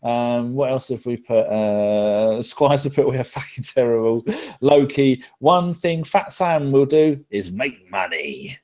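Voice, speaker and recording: Sweary English podcast host reading comments. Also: male voice, mid-range voice, expressive, measured pace, a little mellow. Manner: sweary banter, reads out viewer comments. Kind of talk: casual live podcast chat.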